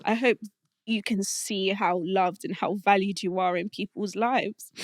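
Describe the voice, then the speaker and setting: A young adult woman telling a personal faith testimony in a heartfelt, halting way, often restarting her sentences, and getting emotional. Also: medium pitch, fairly even intonation, dry recording, studio quality. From Colombian family roots. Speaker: podcast guest.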